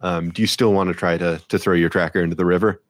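A man's voice: deep voice, steady tone, fast, dry recording. A man narrating a tabletop game as game master, in a loose style with lots of fillers.

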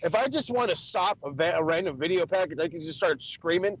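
A man co-hosting a podcast in casual chat, rambling, swearing freely and getting excited. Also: high-pitched, fast talker, no echo, dull audio. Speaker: podcast co-host.

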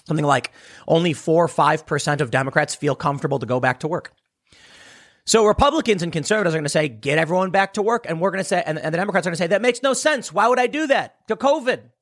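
A man's voice: a little high, a bit bright. A man delivering a sarcastic political commentary monologue, emphatic and mocking his opponents.

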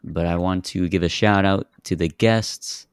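Man, podcast host, very deep voice, gravelly, dry close sound, measured casual film talk. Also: fairly even intonation, dry recording. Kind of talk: casual film review chat.

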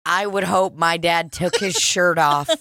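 A young woman co-hosting a casual chat, spinning animated, profane stories and laughing as she goes. Her voice is bright and forward. The sound is dry and close, with no room around it. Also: lowish voice, unhurried, no echo. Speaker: podcast co-host.

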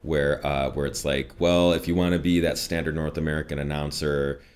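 A man with a very deep voice and a slight Midwestern accent, from Chicago's northwest suburbs, tells stories at a moderate pace in a casual interview chat. He's a voice actor and coach, an animated storyteller who laughs often and jumps high in pitch for quoted voices.

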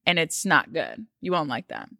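A woman co-hosting a podcast, chatting casually and telling stories in an animated, chatty way. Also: low-pitched, moderate pace, gravelly, dry recording, studio quality. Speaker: podcast co-host. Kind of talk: casual chat.

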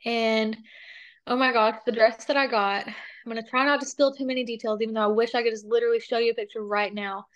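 A young woman chatting casually as an interview guest, telling stories in a lively way with lots of fillers. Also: on the high side, fast, muffled recording. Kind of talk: casual chat.

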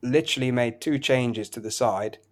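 Man, podcast co-host, casual betting chat, brisk, lists scores and odds, mid pitch. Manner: brisk, listing results and prices in flowing runs.

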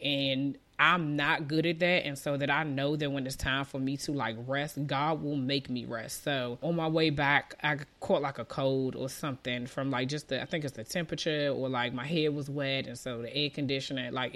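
A woman's voice: very deep voice, a bit bright. A woman in her thirties talking casually to viewers outdoors, rambling with lots of likes and restarts while she recovers from a lost voice. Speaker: vlogger. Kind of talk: casual chat to camera. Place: outdoors in the wind. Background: wind noise.

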